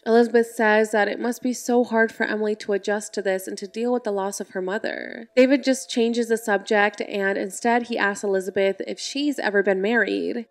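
A woman's voice: mid-range voice, fairly even intonation, a little fast, hardly any pauses. A woman narrating a film recap in a casual, chatty way, with asides to the listener.

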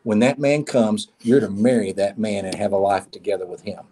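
A lonely, poor traveler on a long road speaks in a husky, low voice, as a man telling a parable puts him on. He sounds earnest and plain-spoken, a seeker in a spoken church parable. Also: steady tone, fairly quick, dark tone.

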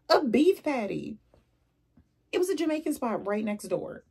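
A young adult woman vlogging casually, telling animated stories with laughs and asides. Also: a little high, normal speed, gravelly, husky. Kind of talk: casual chatty vlog.

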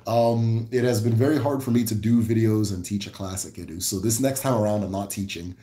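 With a voice on the low side and a slightly fast pace, a Midwestern American man hosts a relaxed livestream in a reverberant space. His answers to viewer questions ramble, with many fillers and restarts.

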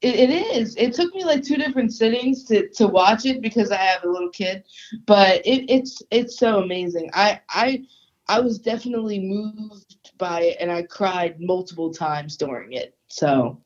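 A woman's voice: mid-range voice, moderate pace. A woman with a South Jersey accent co-hosts a casual podcast, giggling often and tripping over her words as she talks. Her voice comes through slightly dull and lo-fi. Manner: giggly, expressive, stumbles and repeats words. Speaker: podcast co-host. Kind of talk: casual chat.

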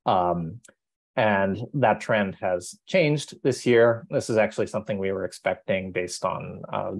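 A congested woman presenting a report at a webinar over a video call, talking with many fillers and pauses. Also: very deep voice, darkish tone, no echo. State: stuffy, congested. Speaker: policy advisor presenting a report.

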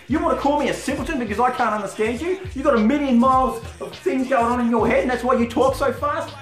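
A man's voice: very high-pitched, fast, hardly any pauses, fairly bright tone. A man who talks profanely, taunts his rival, and stutters now and then in a wrestling trash-talk promo. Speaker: wrestling character cutting a promo. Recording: roomy with faint music behind.

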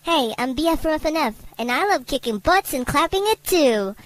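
A woman's voice: high-pitched, lively intonation, moderate pace, low-quality recording. A woman voicing a cocky, upbeat teenage boy rapper from a cartoon game, reading fan lines in a goofy, playful way.

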